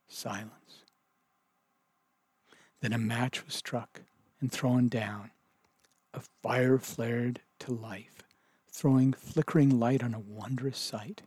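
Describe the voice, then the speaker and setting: A man reading a children's story aloud as narrator, in gentle, measured storytelling. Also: mid-range voice, fairly even intonation, slightly rough, no room sound.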